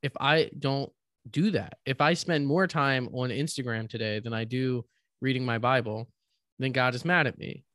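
A man's voice: mid-range voice, moderate pace, fairly bright tone, no room sound. Guy cohosting a faith podcast, thoughtful, asks pointed questions, mid voice, dry mic. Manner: reflective, builds arguments with pointed questions. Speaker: podcast co-host. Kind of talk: casual faith podcast chat.

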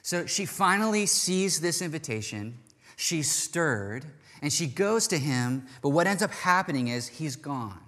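Animated man preaching in a reverberant hall. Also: fairly high pitch, measured pace. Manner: animated, chatty, acts out quoted lines. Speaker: pastor. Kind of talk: sermon.

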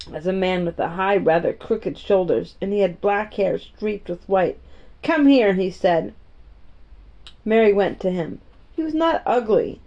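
A woman narrating a storybook in a gentle, even-paced reading voice. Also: medium pitch. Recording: dull, muffled audio.

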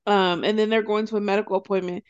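A woman co-hosting a podcast, casually recapping a TV show and acting out the characters' lines in quick, animated storytelling. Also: medium pitch, clear, resonant tone, dull audio. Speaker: podcast co-host.

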